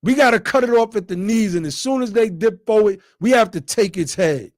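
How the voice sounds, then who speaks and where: A man's voice: high-pitched, expressive, fairly quick, a little mellow, dry recording, clean studio sound. A man hosting a livestream talk, speaking emphatically and in a preacherly way, often calling his listeners family. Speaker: podcast host.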